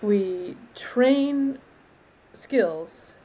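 A woman arborist trainer as an interview guest, explaining in a thoughtful, measured way and often restarting her phrases. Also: medium pitch, lively intonation, warm tone, a little hiss or hum, low-quality recording. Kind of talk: conversational interview.

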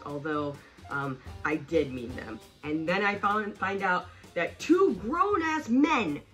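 A woman's voice: fairly low pitch, fairly bright tone. A woman telling a personal story in a casual, blunt way, swearing often and stressing her words. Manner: blunt, profane and emphatic. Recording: distant mic with faint background music.

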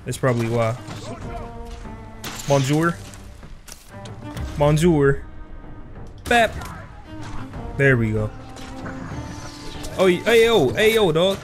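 A man's voice: fairly high pitch, sing-song, a little slow, long pauses. Young guy gaming on stream, slangy trash talk, voice jumps all over, music playing underneath. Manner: slangy, trash-talking the game enemies. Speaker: gaming channel host. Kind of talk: let's play commentary. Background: game music.

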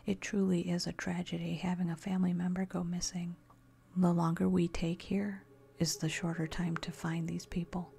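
A woman's voice: lowish voice, flat delivery, normal speed, vocal fry, mellow, a little hiss or hum. A woman voicing a serious, curt male detective in a whispered role-play.

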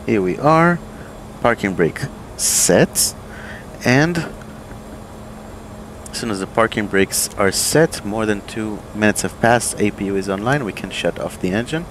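Deep-voiced man calmly explaining procedures. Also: measured pace, background noise. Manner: relaxed, thinking aloud with fillers and restarts. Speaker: airline pilot explaining procedures. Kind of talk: casual instructional walkthrough. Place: home desk with flight simulator.

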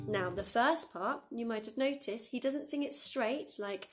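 A woman's voice: fairly high pitch, a little slow, few pauses. A woman, a school music teacher recording a lesson for her pupils, who counts them in and sings the lines to show how they go. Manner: encouraging, counts pupils in and demonstrates by singing. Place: dim room.

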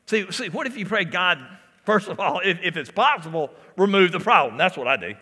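High, bright-voiced preacher. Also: male voice, animated, fairly quick, breathy edge, big-room sound. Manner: preaching with repetitions and call-outs to the congregation. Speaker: pastor. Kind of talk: sermon. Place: church sanctuary.

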